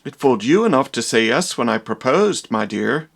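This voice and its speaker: A man's voice: medium pitch, very animated, moderate pace, vocal fry. A man playing a vain, dramatic young doctor in a comedy parody, with theatrical, exaggerated delivery.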